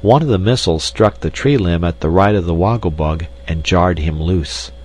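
Very deep-voiced male storybook reader. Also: normal speed, darkish tone, poor audio. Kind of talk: audiobook narration.

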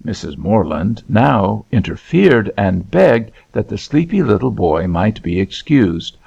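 A man narrates a novel with a low, gravelly voice that rises and falls freely. The tone is husky, and the recording sounds dull and lo-fi. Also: very animated, slow pace, a little mellow.

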